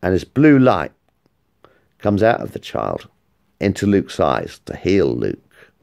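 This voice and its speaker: A man with a gravelly voice tells a made-up story, rambling and excitable. His pitch swings widely as he gets caught up in it, and he swears freely. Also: takes it slowly. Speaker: vlogger. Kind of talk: casual storytelling.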